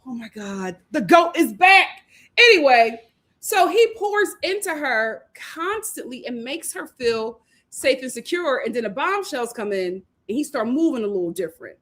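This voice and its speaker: A woman hosting a casual reality TV recap, animated and laughing as she acts out what the cast said. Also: high-pitched, moderate pace. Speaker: host.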